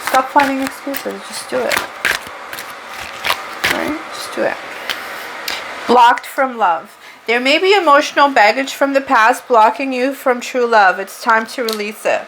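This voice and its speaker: A Portuguese woman with a Portuguese accent gives a casual tarot reading monologue, her voice a little high and a bit bright at normal speed. She's chatty and rambling, drifting off the spiritual reading into conversation and correcting herself along the way, on a rough recording with a little hiss or hum.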